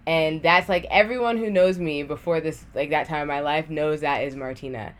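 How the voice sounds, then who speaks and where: Speaking at a normal speed in a low voice, a young woman recounts something from her own life as a podcast guest. She's casual and talkative, leans heavily on "like," and voices her past thoughts aloud.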